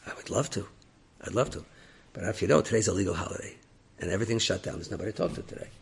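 A man voicing a hot-tempered Israeli military officer who blurts Hebrew phrases, with a raspy, gravelly voice. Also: low voice, lively intonation, very fast, full character voice. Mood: apologetic. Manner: blurts Hebrew phrases, shouts when angry.

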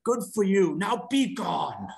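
A man's voice: high-pitched, lively intonation, gravelly, a little mellow, pitched above the performer's own voice, heavily acted. A man reading as an ancient wrathful lizard priest. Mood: dismissive. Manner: slow, indignant proclamations.

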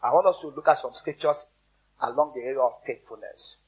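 A man's voice: medium pitch, a little fast, husky, highs cut off. A man preaching a sermon as a pastor, telling stories and repeating words for emphasis. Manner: storytelling, repeats words for emphasis, exhorts the congregation.

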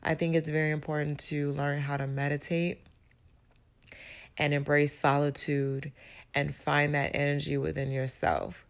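A woman with a low, gravelly voice hosts her podcast in a casual motivational monologue. She sounds raspy and hoarse from recent illness, speaking slowly and reflectively, pausing to search for her words. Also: flat delivery. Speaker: podcast host.

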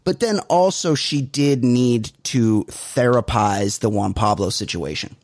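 A man's voice: medium pitch, measured pace, dry recording, clean studio sound. A man co-hosting a podcast, casually recapping a reality show, acting out quotes and swearing freely. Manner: animated storytelling, acts out quotes, swears freely. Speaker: podcast co-host. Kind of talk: casual chat.

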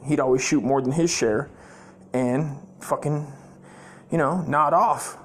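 A man's voice: fairly high pitch, fairly even intonation, a little slow, breathy edge. A man hosting his own comedy podcast, telling profane, rambling stories full of fillers and restarts. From United States.

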